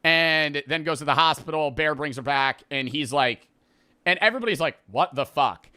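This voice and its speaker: A man's voice: fairly high pitch, normal speed, pushed and bright, clean tone, no room sound, studio quality. A man casually recapping a movie plot, rambling and profane, laughing as he goes. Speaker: podcast host.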